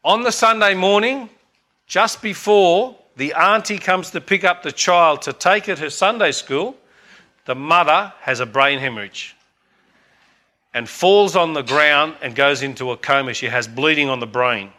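A man's voice: on the high side, a little slow, sharp tone. A man, preaching and telling a story in an earnest, emphatic way, repeating points for emphasis. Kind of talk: sermon storytelling.

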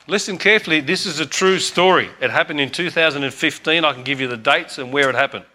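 A man's voice: a little high, pushed and bright. A man, preaching and telling a story in an earnest, emphatic way, repeating points for emphasis. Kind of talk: sermon storytelling.

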